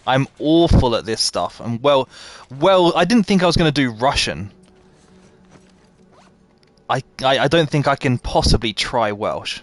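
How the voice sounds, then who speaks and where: His mid-range voice is expressive and unhurried, at a measured pace. The man is streaming a game live and chats along, reading viewers' comments aloud and replying while playing.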